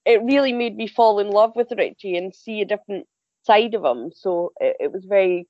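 A woman's voice: medium pitch, moderate pace, darkish tone, dry recording, dull audio. A woman contributing to a podcast chat, talking enthusiastically about TV shows. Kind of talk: casual chat.

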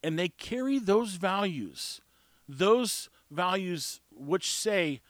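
A man's voice: high-pitched, expressive, takes it slowly, no echo. A man talking in a casual monologue, candid and emphatic in a conversational way.

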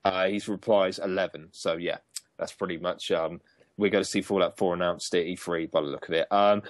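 A man chats his way through a gaming news podcast, loose and rambling, full of ums and restarts. His voice sits on the low side. The recording is close and completely dry, with no room sound. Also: steady tone, a little fast, dry recording. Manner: chatty, many ums and restarts, laughs easily. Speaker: podcast co-host. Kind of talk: casual gaming podcast chat.

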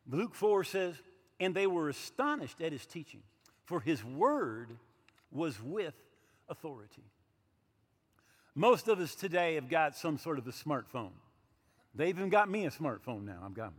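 An older man in his sixties preaches with a high, lively voice that swings up and down. He stresses his points emphatically and drops in light jokes. His voice rings with the long reverb of a church hall. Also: husky. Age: 60s. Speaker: pastor. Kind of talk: sermon.

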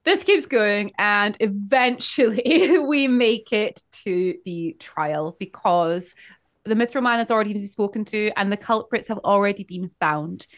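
A woman co-hosting a podcast, telling a story in an animated, casual way and acting out the people she quotes. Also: medium pitch, measured pace. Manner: animated, acts out quoted characters. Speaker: podcast co-host.

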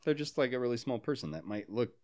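A man co-host chats playfully through a film, giggling between lines. His medium-pitched voice moves a lot, rising and falling as he riffs. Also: quick pace. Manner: giggly, playful, lively intonation. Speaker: podcast co-host. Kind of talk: casual movie-watching chat.

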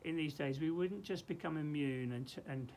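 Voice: mid-range voice, normal speed, a little mellow, slight background noise. A church leader giving an earnest daily Bible devotional and prayer, emphatic, with frequent stammered restarts.

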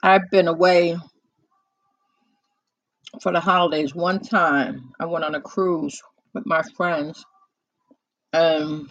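A host of a live call-in talk show chatting casually into a close microphone, unhurried and musing, with many pauses and fillers. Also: medium pitch, steady tone, a bit bright, no room sound, muffled recording.

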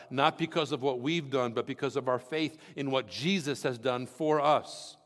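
A man's voice: mid-range voice, big-room sound. A man preaching as pastor, reading scripture and explaining it with everyday examples in an earnest teaching tone. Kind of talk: sermon.

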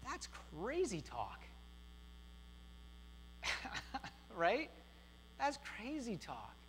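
A high-voiced male pastor delivers an earnest sermon, repeating his phrases and dropping from emphatic to hushed. The sound rings with a long hall reverb. A faint mains hum sits underneath. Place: church sanctuary.

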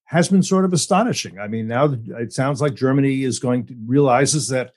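A man moderates a policy panel and puts questions to each guest. He talks in a mid-pitched voice. His phrasing is relaxed and conversational, with frequent hedges. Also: breathy edge.

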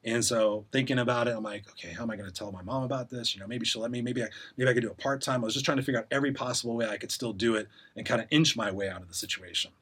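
Middle-aged male guest, husky and quick, rambling anecdotes with acted-out quotes. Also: mid-range voice, fairly bright tone. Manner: rambling, acts out quoted voices. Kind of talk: casual storytelling interview.

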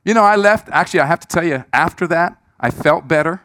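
A middle-aged man preaching a sermon in church, telling a personal story with big swings from shouts to hushed asides, his throat a little squeaky. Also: animated, fast talker, a little hiss or hum. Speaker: pastor.

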